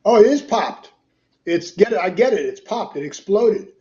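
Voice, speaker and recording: A man's voice: high-pitched, animated, moderate pace, dark tone, highs cut off. A man co-hosting a casual talk show, teasing his partner with quiz-style banter. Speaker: podcast co-host. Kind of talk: casual chat.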